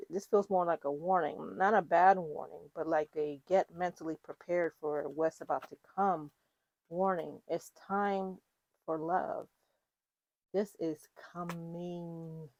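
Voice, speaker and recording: A woman's voice: on the low side, fairly even intonation, unhurried, darkish tone, no room sound, lo-fi sound. A woman giving a casual, rambling tarot reading to her viewers, full of fillers and restarts. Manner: chatty, rambling, with fillers and self-corrections. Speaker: tarot reader.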